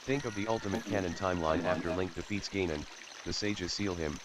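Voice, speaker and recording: A man reading out short game remarks in a flat manner. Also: sits low, brisk.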